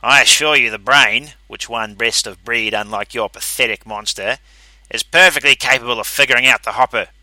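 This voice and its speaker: A man's voice: mid-range voice, normal speed, sharp tone, no room sound, poor audio. A man voicing a scornful, bullying middle-aged man who accuses others and mocks them. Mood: sneering. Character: sneering cruel middle-aged man, Pinky.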